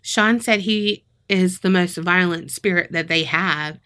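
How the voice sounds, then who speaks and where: A woman's voice: on the low side, unhurried, bright, forceful tone. A woman co-hosting a podcast, telling a crime story in casual chat, laughing often and acting out what people said. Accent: Southern American. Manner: laughs often, acts out quotes in voices. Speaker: podcast co-host.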